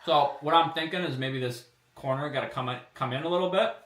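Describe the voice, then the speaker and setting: A man casually talking through his car body kit designs on a live stream, relaxed and rambling, thinking out loud with plenty of fillers. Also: a little high, quick pace, recorded from a distance, a little hiss or hum. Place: home workshop room. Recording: roomy, from away from the mic.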